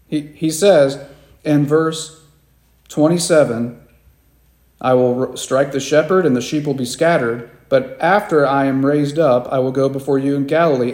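A man's voice: on the high side, darkish tone. Preaching man in an echoey room. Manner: acts out the quoted disciples with raised voices. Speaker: pastor. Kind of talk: sermon.

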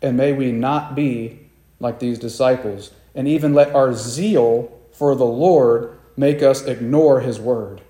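A man's voice: medium pitch, slow pace, mellow, reverberant. A man preaching a sermon to a congregation, acting out the quoted disciples with raised, dramatic voices. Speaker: pastor.

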